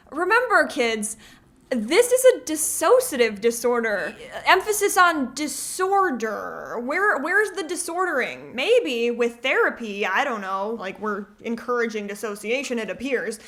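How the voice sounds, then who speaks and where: A woman hosting reaction commentary, sarcastic and animated, quick to laugh at her own points. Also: high voice. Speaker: commentary host.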